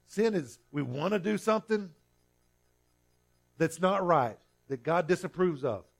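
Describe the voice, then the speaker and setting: A man's voice: a little high, expressive, measured pace, gravelly, soft background music. A male pastor preaching a sermon earnestly, often restarting and repeating himself.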